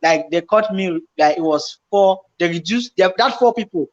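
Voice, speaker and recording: A man telling a story in casual chat, animated and repetitive as he acts out his own panicked remarks. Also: sits high, moderate pace. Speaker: YouTuber co-host. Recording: slightly dull lo-fi home recording.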